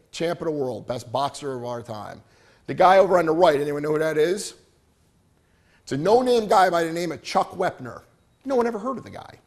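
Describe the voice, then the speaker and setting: A middle-aged man giving an animated storytelling presentation to a live audience, often checking in with "right?". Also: mid-range voice, gravelly, breathy edge. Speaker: motivational speaker.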